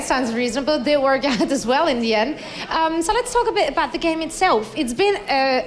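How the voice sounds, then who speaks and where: A woman hosting a post-match interview, asking clear, friendly questions. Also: sits high. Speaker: host and interviewer.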